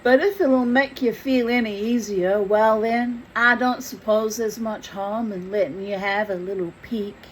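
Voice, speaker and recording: A woman's voice: a little high, steady tone, a little slow, hardly any pauses, slight background noise, lightly acted, poor audio. A woman voicing a genteel, flustered young man who protests politely in a put-on American drawl. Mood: indignant.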